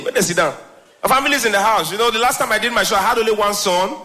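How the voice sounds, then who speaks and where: A man with a Nigerian accent performing a stand-up comedy special on stage, animated, slipping between Pidgin and English and laughing often. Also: high voice, quick pace, some chatter behind. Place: stage before live audience.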